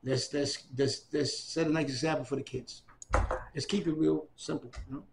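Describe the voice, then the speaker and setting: A man's voice: a little high, normal speed, vocal fry, background noise. An older man from New City, telling stories in an oral history interview and acting out the voices of people he quotes. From New York City. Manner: animated storyteller, acts out quoted voices.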